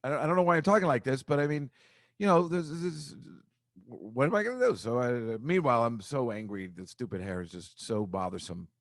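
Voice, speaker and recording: In a clean, dry studio recording, a podcast host runs through a rambling comic monologue at his own expense. His expressive voice moves a little fast and swings widely in pitch.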